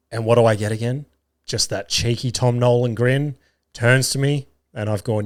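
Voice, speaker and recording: An Australian man hosting a podcast, telling a self-mocking story in a casual, animated way and swearing often. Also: mid-range voice, normal speed, clean tone. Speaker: podcast host. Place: home garage studio.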